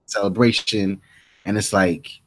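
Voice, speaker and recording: A man's voice: on the low side, steady tone, measured pace, a bit bright. A man co-hosting a podcast, casually recapping a TV episode and talking through the scenes with many restarts. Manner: rambling recap with quoted lines and many restarts. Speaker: podcast co-host.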